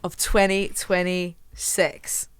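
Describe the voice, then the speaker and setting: A Scottish woman hosting a casual podcast chat, chatty and quick to laugh at herself. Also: lowish voice, level tone, smooth. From Scotland. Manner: chatty, laughs often, self-mocking asides. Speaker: podcast host.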